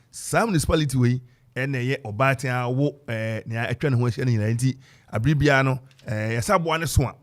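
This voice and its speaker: A man with a Ghanaian accent hosting a live radio talk show in a studio, running through a long list of guests with many fillers and restarts. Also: medium pitch. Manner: rambling, filler-heavy roll call of guests. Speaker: radio host.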